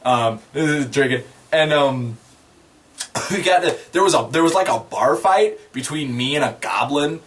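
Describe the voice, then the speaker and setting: A man's voice: a little high, a little slow, slight background noise. A man casually recounting a tabletop game session, rambling and chuckling as he tells it. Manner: rambling, chuckling, animated retelling. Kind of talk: casual storytelling.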